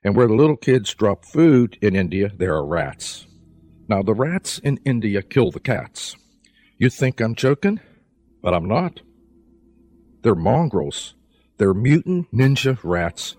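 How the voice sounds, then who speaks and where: Low-voiced, animated male preacher. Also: a little slow. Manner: animated, humorous storyteller with sudden pitch jumps. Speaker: evangelist preacher. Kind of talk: sermon storytelling.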